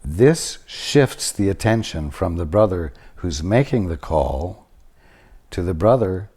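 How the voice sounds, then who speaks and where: A man leads a spiritual teaching session in a deep, low voice. He speaks slowly and deliberately, letting long pauses sit between phrases, and his tone is mellow and warm. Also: breathy edge. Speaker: spiritual teacher channeling at a study group.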